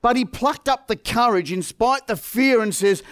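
A man preaching a sermon, emphatic and dramatic, dropping to a hush and then building to forceful declarations. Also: very high-pitched, normal speed, few pauses, clear, resonant tone, no echo, studio quality.

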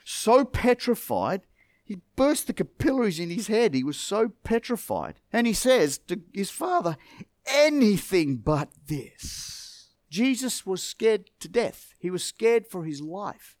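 A man delivers a sermon in a high, lively voice that leaps up and down in pitch. He preaches with dramatic emphasis, sinking to near whispers before driving points home with force. The recording is dry and close. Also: measured pace, no room sound.

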